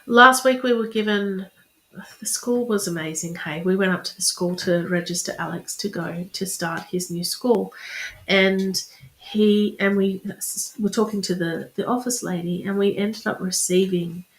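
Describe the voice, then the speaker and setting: A woman's voice: medium pitch, measured pace. Chatty encouraging woman in echoey room. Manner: chatty, encouraging, repeats affirmations. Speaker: spiritual reader and coach. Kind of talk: live-streamed motivational talk. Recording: roomy echo.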